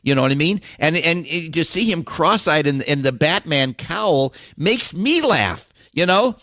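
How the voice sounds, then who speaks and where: An older man, a guest on a podcast, telling animated, rambling stories with many restarts. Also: on the high side, measured pace, no echo, studio quality. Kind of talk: casual storytelling interview.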